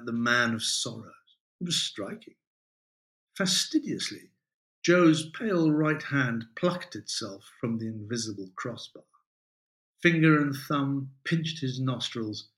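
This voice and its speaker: A man reads his own short story aloud with vivid, expressive storytelling. His pitch sits in the middle, but his delivery rises and falls in a lively, animated way. The narration moves steadily through each scene. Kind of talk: literary reading.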